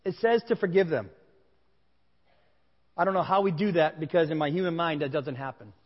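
A man's voice: a little high, normal speed. A male pastor giving a sermon to a congregation, telling a candid personal story in a conversational way. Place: large room with a congregation. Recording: dull sound with long hall reverb.

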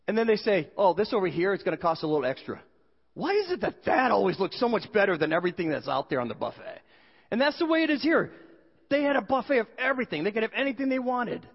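A male pastor preaching a sermon with animated, joking storytelling, recorded with dull sound in a reverberant hall. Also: very high-pitched, slightly rough.

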